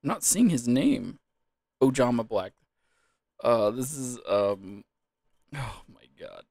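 A man's voice: medium pitch, very animated, takes it slowly, creaky, a little mellow, no echo, clean studio sound. A man commentating a quiz casually, giggling helplessly and fighting back tears of laughter. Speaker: gaming YouTuber.

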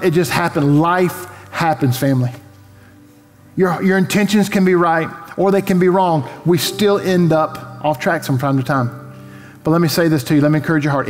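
A Texan man delivers a sermon in a high, carrying voice, slipping into the voices of the people in his story. The sound rings with a long reverb from a large hall. Soft music sits faintly behind him. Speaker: pastor.

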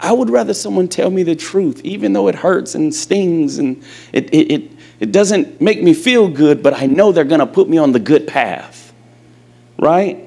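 A male preacher with a slightly raised, gravelly voice delivers an emphatic sermon. He tells his story with animation and throws questions straight at the congregation. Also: fairly high pitch, lively intonation, normal speed, a little mellow.

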